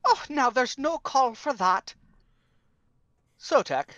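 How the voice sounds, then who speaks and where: A player in a tabletop role-playing game, talking in an animated, quick-witted way. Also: high-pitched, no room sound.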